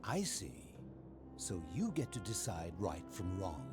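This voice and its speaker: A courteous, lonely philosopher who has lived alone for years, asks patient, probing questions in a formal cadence. His voice sits fairly low but swings widely in pitch, and game music plays clearly underneath. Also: sing-song. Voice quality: measured, formal, questioning delivery. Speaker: game character. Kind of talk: video game voice acting. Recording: game audio with soundtrack music.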